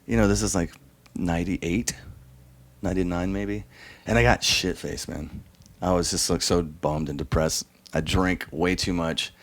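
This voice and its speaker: A man's voice: low voice, no echo. A man, a drummer telling loose, profane, rambling stories in a casual interview and acting out other people's lines. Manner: loose, profane, rambling storyteller who acts out quoted voices.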